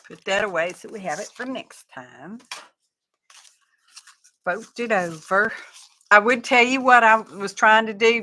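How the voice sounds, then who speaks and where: A woman hosts a crafting live stream in an unhurried, drawn-out way. Her voice is bright and forward as she chats to viewers. She teases herself and talks her way through every fold and score. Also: mid-range voice, slight background noise. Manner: chatty, self-deprecating, talks through her crafting steps. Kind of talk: casual craft livestream chat.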